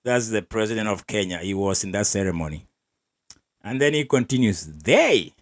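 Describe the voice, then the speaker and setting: A man's voice: fairly low pitch, brisk. A man hosting an athletics podcast, giving wry, opinionated commentary and laughing between remarks. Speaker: podcast host.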